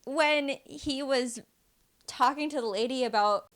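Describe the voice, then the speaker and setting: Podcast lady, a bit high, chatty and giggly, talks with lots of likes. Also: fairly bright tone. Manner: chatty and giggly, quick to laugh. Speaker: podcast co-host. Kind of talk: casual chat.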